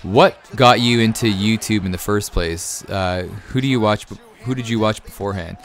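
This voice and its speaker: A man in his thirties answering viewer questions in a rambling, easily excited way with many fillers. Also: lowish voice, normal speed. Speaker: YouTube gaming creator. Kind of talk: casual Q&A over gameplay.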